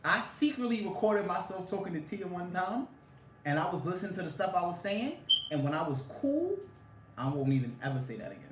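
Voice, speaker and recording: A man's voice: high-pitched, big pitch swings, fairly quick, background noise. Slangy man in an echoey room. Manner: laid-back, slangy, laughs often. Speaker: co-host reading viewer comments. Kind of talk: casual couple chat. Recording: echoey room, mic at a distance.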